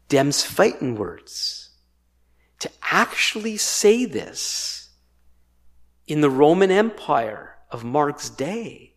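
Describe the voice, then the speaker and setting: High-voiced, deliberate male preacher. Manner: dramatic, acts out proclamations with rising emphasis. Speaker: pastor. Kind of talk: sermon. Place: church in Ottawa, Canada.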